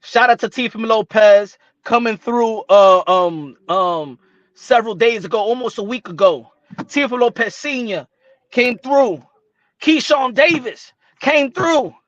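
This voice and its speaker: A man's voice: very high-pitched, unhurried, a bit bright, no room sound, lo-fi sound. A man from Brooklyn hosting a casual boxing talk show, talking in streetwise slang and dropping in Spanish phrases.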